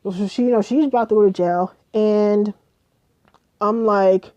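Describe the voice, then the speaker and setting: Young woman, casual storytime vlog, swears a lot, mellow tone, dull lo-fi audio. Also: mid-range voice, a little slow. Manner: profane, animated retelling with quoted dialogue. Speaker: vlogger.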